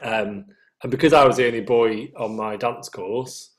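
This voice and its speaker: A man's voice: mid-range voice, normal speed. Chatty Northern English man telling anecdotes. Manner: chatty storyteller, laughs at his own anecdotes. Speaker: singer, interview guest. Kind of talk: casual anecdotal chat.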